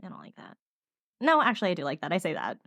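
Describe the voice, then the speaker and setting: A woman's voice: on the low side, wildly swooping pitch, fast talker, creaky, a bit bright, no echo. A woman from Northern Virginia co-hosting a podcast, trading easygoing, playful banter. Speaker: podcast co-host. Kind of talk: casual chat.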